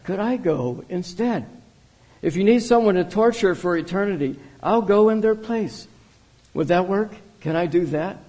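Anguished dad begging through tears, a preacher doing the voice, high and husky. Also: male voice, animated, measured pace, few pauses, heavily acted. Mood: pleading. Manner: pleading, rising to shouts. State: crying. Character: anguished grieving father, middle-aged man.

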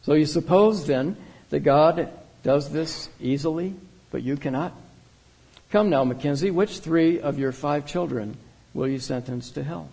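A man voicing a calm, unrelenting wise woman who speaks in a measured way, without emotion. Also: a little high, gravelly, slightly rough, exaggerated voice, poor audio. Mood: stern.

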